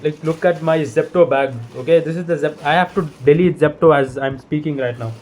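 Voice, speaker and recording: A young man talks straight to the camera in a rambling, casual rant. His voice sits a little high for a man. He swears freely and sounds exasperated. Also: fairly quick, a little mellow. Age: young adult. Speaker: vlogger.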